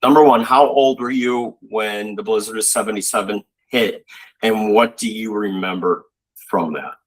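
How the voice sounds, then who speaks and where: A man with a lowish voice and moderate pace co-hosts a casual chat, rambling through animated stories and using fillers constantly. He hails from Buffalo, New York, and the audio is poor.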